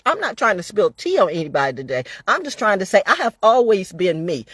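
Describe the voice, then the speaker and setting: A woman's voice: mid-range voice, big pitch swings, fairly quick, hardly any pauses, a bit bright, husky, no room sound. A woman talking straight to her audience in a vlog, ranting with emphatic repetition and plenty of profanity. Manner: repeats phrases for emphasis. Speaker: online broadcaster.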